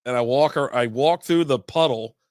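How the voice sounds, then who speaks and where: A man's voice: mid-range voice, moderate pace, a little mellow, no room sound. Male podcast host, rambling storyteller, casual chat, dry close sound. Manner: rambling, storytelling with many asides and fillers. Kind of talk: casual beer podcast monologue.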